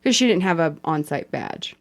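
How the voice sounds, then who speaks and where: A woman's voice: low-pitched, normal speed. A woman hosting a podcast, telling stories in casual chat with plenty of swearing. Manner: animated, profane storytelling. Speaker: podcast host.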